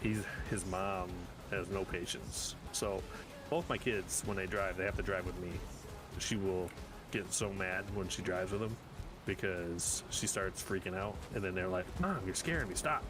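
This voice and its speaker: A man in his forties, a streamer telling animated, exasperated stories in casual chat while gaming, with some swearing. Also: low-pitched, measured pace, music in the background.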